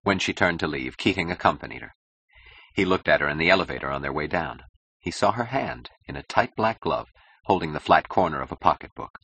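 Male novel narrator, low husky voice, expressive rise and fall, dry close sound. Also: no room sound, highs cut off. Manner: measured, expressive reading. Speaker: audiobook narrator.

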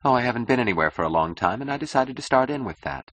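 A man's voice: medium pitch, lively intonation, fast talker, fairly bright tone, dry recording, voice pushed up. A man voicing a cool, mocking young woman who speaks in a languid, ironic drawl.

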